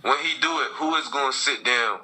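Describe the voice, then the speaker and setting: A man's voice: mid-range voice, a little fast, bright, forceful tone, low-quality recording. A man, a boxing coach, guesting on a podcast and talking boxing in a casual, slangy, emphatic way.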